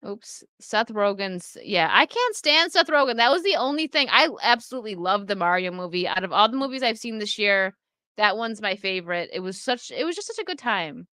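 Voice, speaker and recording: Bright-voiced woman chatting on stream. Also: mid-range voice, lively intonation, brisk, dry recording, clean studio sound. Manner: chatty, laughs often, reacts to chat. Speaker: streamer chatting with live chat. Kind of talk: casual livestream chat. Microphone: desk microphone.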